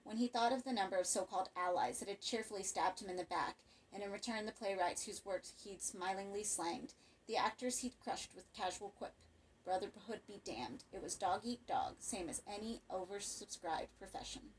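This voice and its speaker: Expressive woman reading a horror story. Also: mid-range voice, normal speed, slight background noise, rough recording. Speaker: audiobook narrator. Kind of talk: scripted narration.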